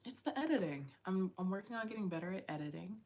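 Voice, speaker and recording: A woman's voice: medium pitch, animated, fast talker, a little mellow. A young adult woman, a content creator, chatting casually and encouragingly late at night, laughing often and trailing off mid-thought.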